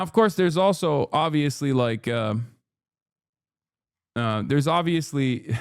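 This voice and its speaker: A man's voice: on the high side, darkish tone, no room sound, clean studio sound. A man ranting on a live stream, profane and heated, mocking others by putting on voices for their quotes. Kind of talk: live stream reaction rant.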